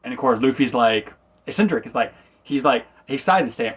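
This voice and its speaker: Male reviewer, mid-pitched, loose and rambling episode recap. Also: expressive, a little fast, fairly bright tone, husky. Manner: rambling, self-correcting, acts out quotes. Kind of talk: casual spoken review.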